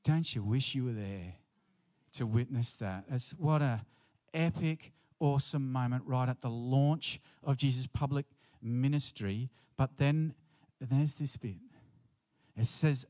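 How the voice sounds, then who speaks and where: A man's voice: medium pitch, a little slow, warm tone. A middle-aged man preaching a sermon to his congregation, conversational and playful with asides. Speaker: pastor.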